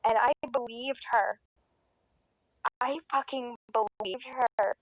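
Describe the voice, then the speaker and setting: A woman's voice: on the high side, fairly even intonation, slow, no echo, rough recording. A teenage girl telling a personal storytime in a rambling, emotional way, swearing a lot and sometimes choking up, recorded on a phone. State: tearful at times. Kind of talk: casual storytime monologue.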